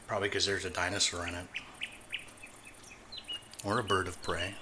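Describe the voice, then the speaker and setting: A man's voice: sits low, level tone, normal speed, background noise. A man live-streaming, chatting casually as he reacts to a video, swearing and laughing often. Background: faint music.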